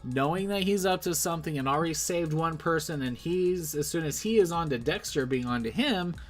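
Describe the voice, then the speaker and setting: A man's voice: fairly high pitch, a little fast, faint music behind. A man giving a casual, rambling spoken review of a TV episode, often correcting himself and trailing off, with bursts of enthusiasm. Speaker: show reviewer. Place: at home, streaming.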